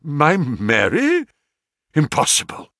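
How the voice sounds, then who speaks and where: Male reader doing a frantic middle-aged banker, swinging wildly between despair and excitement, dry booth sound. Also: slow, creaky, slightly rough, dry recording, exaggerated voice. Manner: frantic, high-strung outbursts. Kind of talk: audiobook character reading.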